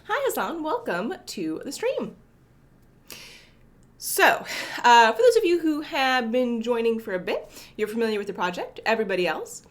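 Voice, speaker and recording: A young woman hosting a casual coding livestream from her apartment, greeting viewers by name and a little sniffly from allergies. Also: a little high. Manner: chatty, greets viewers by name, self-correcting. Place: apartment home.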